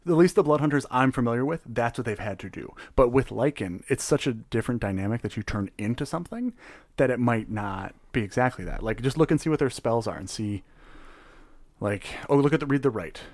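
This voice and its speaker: Animated laughing man running a game. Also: mid-range voice, brisk, no room sound. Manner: animated, laughs often, swears casually. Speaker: game master. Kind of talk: casual tabletop game chat.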